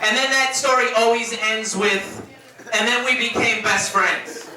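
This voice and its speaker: Animated man telling stories at a memorial. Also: extremely high pitch, measured pace, a little hiss or hum. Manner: animated, laughing storyteller who swears freely. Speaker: friend giving a eulogy. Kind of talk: memorial speech, casual storytelling. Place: room at a memorial gathering. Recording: echoey room, distant mic, crowd.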